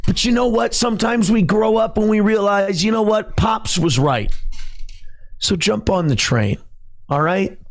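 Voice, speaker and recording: Theatrical male livestreamer, high voice, boastful, self-dramatizing, dry mic sound. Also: unhurried, no room sound. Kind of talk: livestream monologue.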